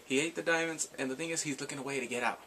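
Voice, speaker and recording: A man casually recapping drama episodes in a rambling, excitable way, gasping and laughing as he goes. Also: medium pitch, rapid-fire, slight background noise. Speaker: drama reviewer.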